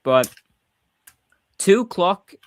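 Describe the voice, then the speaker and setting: A man's voice: high-pitched, very animated, extremely slow. A man with a Swedish accent hosting a casual livestream chat, talking freely and often correcting himself mid-sentence. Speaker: podcast host.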